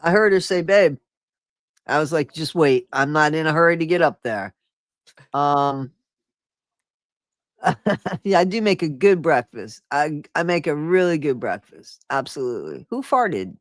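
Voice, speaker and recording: A woman hosting a live stream, chatting casually and excitably with her viewers. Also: low voice, unhurried, pauses often, no room sound, clean studio sound. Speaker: streamer host.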